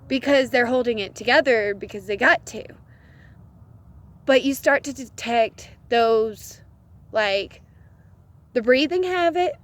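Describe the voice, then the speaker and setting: A woman's voice: a little high, a bit bright. A woman giving relationship advice in a casual vlog, earnest and laughing often between phrases. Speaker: vlogger.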